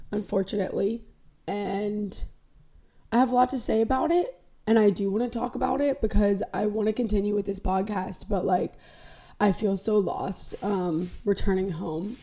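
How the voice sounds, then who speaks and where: A woman's voice: medium pitch, warm tone. A young woman hosting a casual solo podcast, rambling candidly between topics with self-deprecating jokes. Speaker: podcast host.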